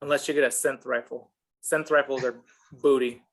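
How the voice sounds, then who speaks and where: A man's voice: medium pitch, fairly even intonation, moderate pace. A man hosting a casual board game discussion, asking questions and teasing the others.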